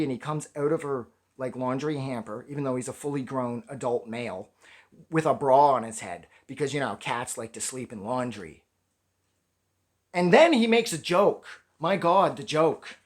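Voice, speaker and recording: A man tears into a comic book in a loose, rambling rant. He swears freely and sounds fed up. His voice swings up and down all over the place, at a middle pitch. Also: normal speed. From Canada. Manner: animated, rambling, profane, exasperated. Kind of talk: casual ranting review.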